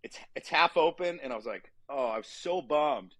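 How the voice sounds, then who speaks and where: A man in his forties speaks with a slightly husky, breathy voice, recorded close and dry with little room sound. He talks like a coach in an easygoing podcast chat, earnest and animated, acting out the voices in his head. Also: fairly high pitch, normal speed, dry recording. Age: 40s. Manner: earnest, animated storyteller who acts out inner dialogue. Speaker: fitness coach for fathers. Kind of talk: casual podcast conversation.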